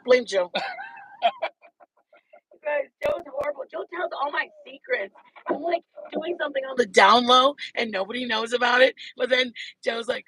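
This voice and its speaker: A woman's voice: high voice, steady tone, moderate pace, a bit bright, husky, no room sound, poor audio. A woman hosting a casual livestream chat, gushing and rambling between bursts of laughter, speaking into wireless earbuds. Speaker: channel host.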